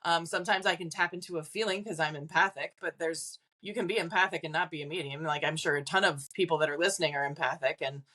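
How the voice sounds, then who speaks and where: Chatty low-voiced woman medium. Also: fast, hardly any pauses, pushed and bright. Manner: chatty, acts out quoted voices, frequent "like" fillers; laughs between points. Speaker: psychic medium guest. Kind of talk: casual podcast interview.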